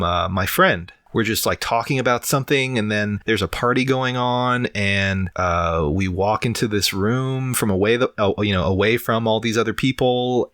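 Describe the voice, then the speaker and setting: A man's voice: on the low side, sharp tone, no echo, studio quality. A man co-hosting a casual podcast, rambling and long-winded, swearing casually while running a fever. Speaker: podcast co-host. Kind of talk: casual chat.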